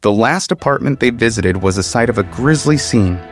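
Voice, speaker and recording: A man narrating a comedic story with wry, deadpan asides. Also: medium pitch, moderate pace, soft background music.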